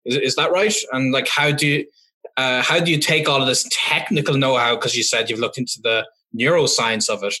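A man's voice: mid-range voice, brisk, bright, forceful tone, husky. A man hosting a podcast, asking long questions with hesitations and restarts. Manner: hesitant, searching for words. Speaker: podcast host. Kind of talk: casual interview questions.

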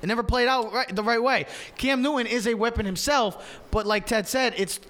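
A man's voice: very high voice, fairly bright tone. A man co-hosting a sports show, giving opinionated picks in a casual debate. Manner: opinionated, talks in quick runs of names and picks.

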